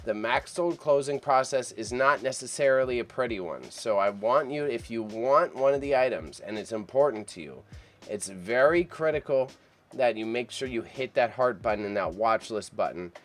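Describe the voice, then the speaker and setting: A man's voice: medium pitch, animated, moderate pace. A man hosting a casual live auction stream, chatty and self-deprecating, often repeating himself. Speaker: livestream auction host.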